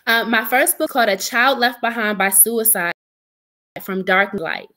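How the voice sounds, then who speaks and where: Young adult woman, interview guest; earnest, emotional testimony, slightly higher voice. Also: unhurried, bright, forceful tone. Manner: earnest, emotional, quotes her own prayers. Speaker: podcast guest.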